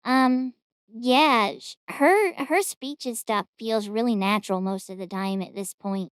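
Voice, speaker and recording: A woman's voice: on the high side, unhurried, clear, resonant tone, dry recording, clean studio sound. A woman hosting a reaction stream, commenting in a chatty, rambling, amused way.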